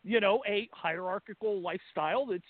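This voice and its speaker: A man's voice: sits high, fairly quick, no echo. A middle-aged man from California, a guest on a talk radio show, talking in a blunt, combative and sarcastic way. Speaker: guest commentator. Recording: dry, tinny phone line.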